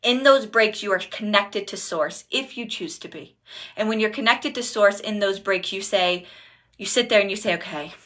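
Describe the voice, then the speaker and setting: A woman's voice: mid-range voice, moderate pace, sharp tone. A woman spiritual teacher speaking live in a chatty way. She swears and laughs often. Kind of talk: casual livestream talk.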